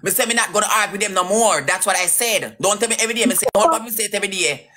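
Jamaican woman, livestream host, bright cutting voice, loud cursing rant. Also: mid-range voice, very fast. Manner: loud, cursing, sing-song outbursts.

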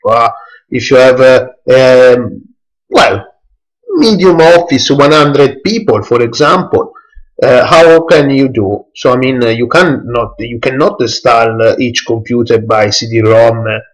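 A man giving a screen-recorded software tutorial in halting English full of hesitations. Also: mid-range voice, low-quality recording. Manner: halting non-native English, many hesitations. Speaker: tech tutorial presenter.

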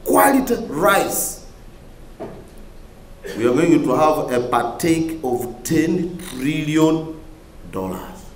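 A man's voice: fairly high pitch, sing-song, slow, long pauses. Male minister from Uganda, public speaker, repeats points for emphasis, roomy conference hall sound. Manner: oratorical, repeats key phrases for emphasis, rising to emphatic peaks. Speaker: government minister giving a conference speech. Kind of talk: public speech to a conference audience.

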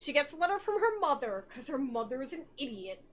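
Tipsy, high-voiced woman rambling on. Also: slight background noise. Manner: rambling, animated, quick to laugh and swear. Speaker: podcast co-host. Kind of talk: comedic podcast chat, retelling a game plot.

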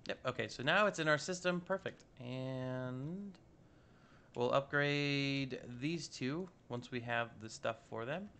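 A man's voice: medium pitch, slow pace, pushed and bright, a little hiss or hum. A man giving casual, upbeat commentary while playing a modded block-building game, chatting to himself as he builds. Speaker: Minecraft modpack let's-play host.

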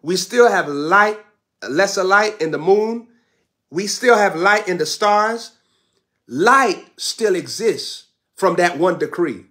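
A man's voice: high-pitched, animated, takes it slowly, sharp tone. A man preaching a fervent sermon with repeated declarations, breaking into tongues.

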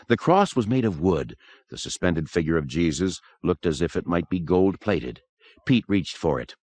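A man narrating a horror audiobook in an expressive, dramatic manner. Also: low-pitched, normal speed, dry recording. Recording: dry close recording.

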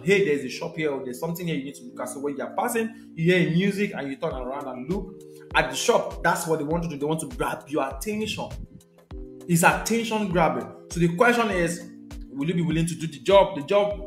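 A man's voice: fairly high pitch, echoey room. A young man, teaching a live sales session in a conversational way, repeating his key points and checking in with viewers. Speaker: sales trainer.

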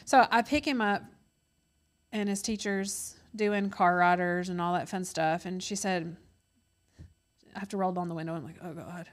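A woman's voice: fairly low pitch, fairly even intonation, moderate pace, long pauses. A woman in her thirties co-hosting a casual chat, telling stories and acting out the voices of other people. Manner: storytelling, acts out quoted voices. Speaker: co-host.

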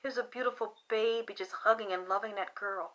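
A woman hosting a video, telling a rambling conspiracy story in an animated, conspiratorial way that swings between loud and soft. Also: medium pitch, a little fast. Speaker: video host.

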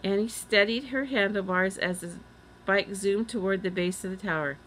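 Bright-voiced woman reading a storybook. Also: medium pitch, moderate pace, a little hiss or hum, poor audio. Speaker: reader. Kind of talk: storybook read-aloud.

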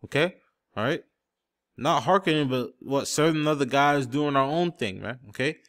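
A man's voice: mid-range voice, animated, moderate pace, fairly bright tone. A man teaching scripture in an emphatic style, checking in with "okay?" and "man" after nearly every phrase and looking up word definitions as he goes. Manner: looks up word definitions on screen while talking. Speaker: preacher.

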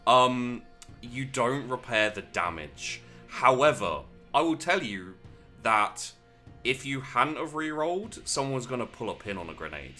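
A man with a British accent narrating a tabletop role-playing game as game master, casual and halting. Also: mid-range voice, very animated, bright, forceful tone, soft background music. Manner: casual, halting with fillers, laughing.

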